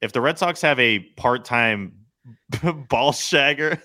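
A man's voice: medium pitch, slow, bright, forceful tone, no room sound, studio quality. A man co-hosting a podcast in casual chat, rambling and interrupting himself, laughing often. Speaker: podcast co-host.

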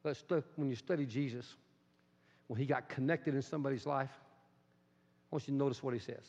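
A middle-aged male pastor giving a sermon in an emphatic style, with bursts into high, excited exclamations. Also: moderate pace, in a large hall, lo-fi sound.

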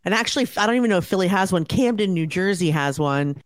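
A woman's voice: lowish voice, lively intonation, fast talker, dry recording. A woman from the United States co-hosting a casual chat, blunt and profane with dramatic reactions. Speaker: podcast co-host.

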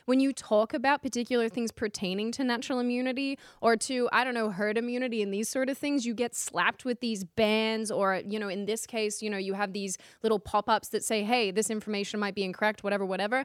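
A woman's voice: on the high side, steady tone, brisk, hardly any pauses, clear, resonant tone, dry recording, studio quality. A woman co-hosting a talk podcast, incredulous and sarcastic. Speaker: podcast co-host. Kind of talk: casual studio talk show.

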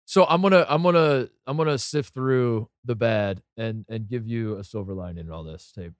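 A man's voice: medium pitch, moderate pace, clear, resonant tone, no room sound, studio quality. A man co-hosting a casual sports podcast, talking animatedly, piling up rhetorical questions with many restarts.

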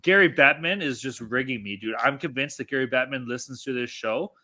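A man's voice: mid-range voice, a little fast, bright, forceful tone. A man co-hosting a sports-betting podcast, ranting in casual chat and swearing constantly. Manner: profane, ranting, exasperated. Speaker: podcast co-host.

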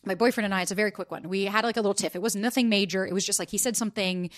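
A woman dating coach speaking candidly as an interview guest, quick and animated, acting out quoted lines with playful voices and casual swearing. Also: medium pitch.

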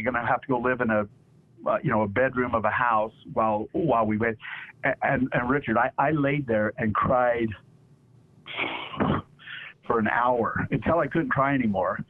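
Middle-aged male interview guest, earnest halting testimony with repeated words; thin phone-line radio sound. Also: mid-range voice. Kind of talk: personal testimony.

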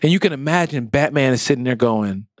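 A man co-hosting a casual comic book discussion, animated and emotional, acting out quoted lines by dropping his voice low. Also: brisk, no room sound, clean studio sound. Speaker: podcast co-host.

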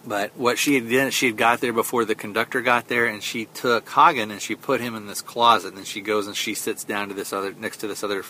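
A man with a lowish voice and a bright, forceful tone, retelling a movie's story in a loose, rambling way. He keeps stopping on fillers and acts out what the characters say. A faint rumble sits under the recording. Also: fairly even intonation, brisk, hardly any pauses. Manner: rambling, retells scenes with quoted lines, many fillers. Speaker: podcast host. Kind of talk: casual film review recap.

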